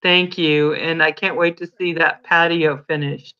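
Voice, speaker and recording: A chatty woman hosts a casual livestream, greeting viewers by name and telling little stories. Her voice is bright and forward. The recording sounds dull and lo-fi. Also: deep voice, fairly even intonation, measured pace, clean tone. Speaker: livestream host.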